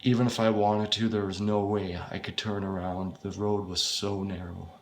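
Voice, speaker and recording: A man reading his own first-person horror story aloud, in a halting, unpolished way with frequent swearing. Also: fairly low pitch, flat delivery, a little hiss or hum.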